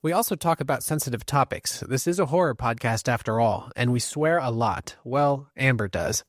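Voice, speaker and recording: Male podcast co-host, mid pitch, dry close mic, teasing banter. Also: moderate pace, no room sound. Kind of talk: casual chat.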